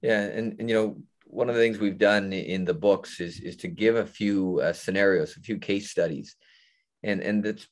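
Animated man explaining on a webinar call. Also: lowish voice. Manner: animated hand talker, acts out example sentences. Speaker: webinar presenter. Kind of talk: explanatory panel talk.

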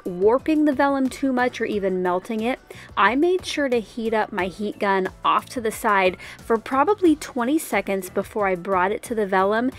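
A woman hosting a card-making tutorial, explaining each step in a chatty, casual voice-over. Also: mid-range voice. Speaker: card-making channel host.

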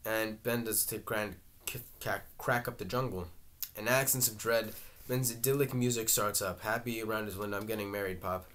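A man's voice: fairly low pitch, fairly even intonation, fairly bright tone. Guy reading out stage directions, stumbling a little here and there. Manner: halting, with fillers and restarts. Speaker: reader.

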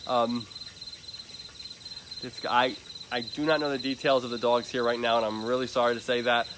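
A man's voice: medium pitch, level tone, moderate pace. A man chatting casually to livestream viewers outdoors at an animal shelter, often sweet-talking a dog. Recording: noisy outdoor phone livestream. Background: crickets and insects.

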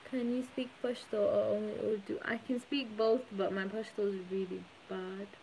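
A woman's voice: medium pitch, little pitch movement, normal speed, creaky, background noise. A young woman co-hosting a casual live stream at home, reading out comments and teasing her partner, recorded on a phone. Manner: teasing, playful, reads viewer comments aloud. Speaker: co-host of a couple's live stream.

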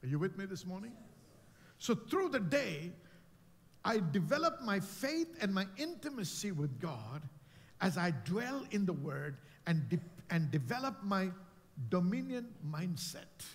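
Male pastor, high voice, animated swings, shouts then drops low, long hall reverb. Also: unhurried. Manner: rising to shouted declarations, then dropping to low emphatic lines. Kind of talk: preaching a sermon. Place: church sanctuary.

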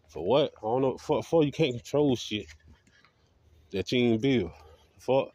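A man's voice: medium pitch, darkish tone, no echo. Guy ranting hard at the camera, cussing nonstop, muffled dry lo-fi sound. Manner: combative, defiant, heavy swearing. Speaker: vlogger. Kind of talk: profane ranting monologue.

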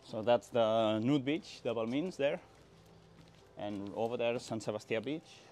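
A man's voice: medium pitch, unhurried. Chatty man on a seaside walk. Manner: relaxed, chatty, talks to his dog. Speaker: travel vlogger. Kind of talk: casual walking vlog narration. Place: outdoors on a beach promenade. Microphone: 360 camera held while walking a dog.

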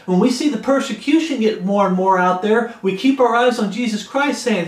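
A man preaching in a high, emphatic voice, repeating his warnings over and over and reading scripture aloud. His sermon rings out in a noticeably echoey room. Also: moderate pace, hardly any pauses. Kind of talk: expository Bible sermon.

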